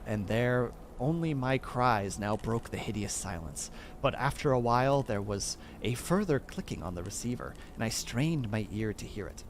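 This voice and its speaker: A man reads a horror story aloud with a lively, swinging delivery, rising and dropping in pitch for drama. He trips over words and corrects himself as he goes, at a middling pitch, with a faint hum of background noise. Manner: stumbles over words and restarts them. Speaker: streamer reading aloud.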